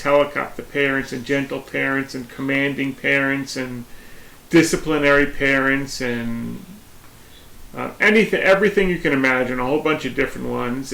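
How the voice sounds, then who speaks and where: Gravelly older man in an echoey room. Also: mid-range voice, normal speed, a bit bright. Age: 60s. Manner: easygoing, plainspoken storyteller. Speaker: co-host. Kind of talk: casual chat.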